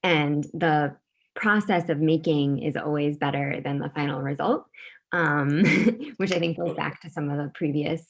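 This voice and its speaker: A woman teacher sharing her experience in a casual discussion. Her voice is very low with a gravelly fry. She talks loosely, with plenty of likes and ums. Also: fairly even intonation, a little slow. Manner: casual, filler-laden. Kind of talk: casual discussion on a video call.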